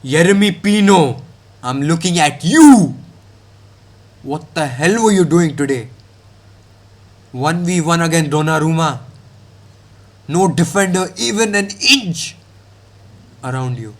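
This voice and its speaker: A man's voice: a little high, animated, slow pace, pauses often. Fired-up young man ranting about football. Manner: heated ranting, mocking players, slangy. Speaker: football reaction streamer.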